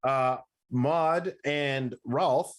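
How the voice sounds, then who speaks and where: A man runs a tabletop game as its game master, narrating each scene in a voice of ordinary pitch. He rambles and corrects himself as he goes, with plenty of fillers along the way. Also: very slow.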